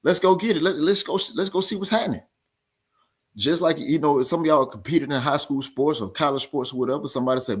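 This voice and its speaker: A man's voice: on the high side, a little fast, slightly rough. A man hosting a boxing talk show, ranting in a heated, casual way and repeating his points with emphasis. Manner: animated, repetitive, argumentative.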